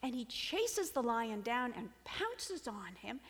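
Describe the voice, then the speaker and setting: A woman preaching a sermon, telling a fable in an expressive storytelling manner with dramatic swings in volume. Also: fairly high pitch, slow pace, long reverb tail.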